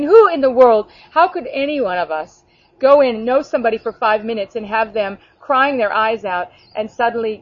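A woman gives an earnest, conversational sermon to her online group, often restarting sentences and slipping into quoted voices. Her voice sits at an ordinary middle pitch for a woman. The audio sounds dull and lo-fi, like an online call. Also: husky. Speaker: preacher leading an online ministry group. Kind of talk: informal spoken sermon.

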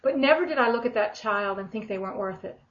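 A middle-aged woman giving an informal sermon, lively and expressive, acting out the voices she quotes. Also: mid-range voice, quick pace. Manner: animated, acts out quoted voices with big swings in loudness. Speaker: preacher. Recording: dull lo-fi recording.

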